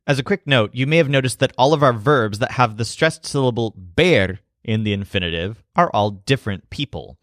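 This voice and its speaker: A man narrating a language lesson in a clear, explanatory way. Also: mid-range voice, animated, normal speed, few pauses, a bit bright, no echo, clean studio sound. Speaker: language teacher.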